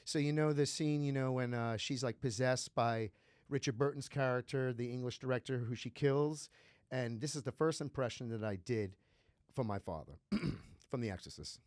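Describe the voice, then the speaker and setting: A man who grew up around New York, a comedian chatting on a podcast, telling lively stories and slipping into voices. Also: medium pitch, normal speed, dry recording, clean studio sound. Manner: animated storyteller, slips into voices and laughs. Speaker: comedian guest. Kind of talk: casual podcast chat.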